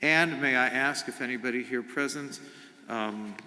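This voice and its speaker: A man's voice: mid-range voice, moderate pace, bright, forceful tone, slight background noise. A middle-aged man, a rabbi giving an informal sermon in a synagogue, speaking conversationally with humor and asides. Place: synagogue sanctuary. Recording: long reverb of a sanctuary.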